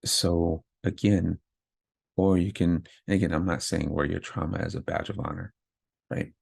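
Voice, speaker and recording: A man's voice: low voice, steady tone, normal speed, gravelly, darkish tone, breathy edge, no echo. A man hosting his own podcast, talking candidly and earnestly about growing from hardship, often checking in with "right?". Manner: earnest, self-affirming, frequent "right?" asides. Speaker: podcast host. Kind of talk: candid motivational monologue.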